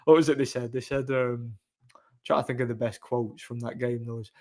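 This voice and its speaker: A man's voice: medium pitch, flat delivery, fairly quick, warm tone. A man chatting casually on a live stream, answering chat in a blunt, opinionated, rambling way.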